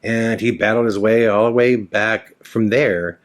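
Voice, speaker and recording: Frank low-voiced man in his forties. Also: fairly even intonation, unhurried. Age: 40s. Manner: frank and rambling, swears freely. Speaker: podcast host. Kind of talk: candid personal monologue.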